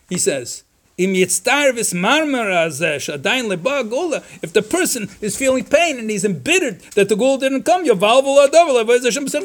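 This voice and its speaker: Man, rabbi, Torah class, high voice, animated, sarcastic asides, quotes Hebrew and Yiddish. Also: normal speed.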